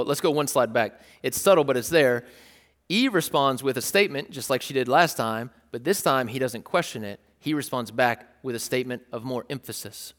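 A man preaching a sermon as a pastor, talking in a conversational, explanatory way with frequent "like" and restarts. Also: mid-range voice. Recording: long hall reverb.

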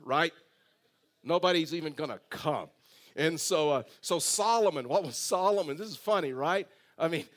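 A man preaching a sermon to a congregation, animated, now and then slipping into a whiny voice to quote complainers. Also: fairly high pitch. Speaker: pastor.

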